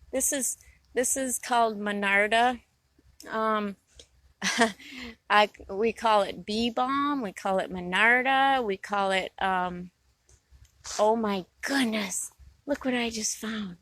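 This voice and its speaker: A woman chatting casually while out on a walk through a neighborhood, recording herself on her phone and rambling warmly about what she sees. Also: mid-range voice, slow pace, pauses often, dry recording. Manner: chatty, rambling, easily delighted. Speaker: vlogger on a walk. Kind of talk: casual walking vlog. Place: outdoors in a neighborhood. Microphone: phone in hand.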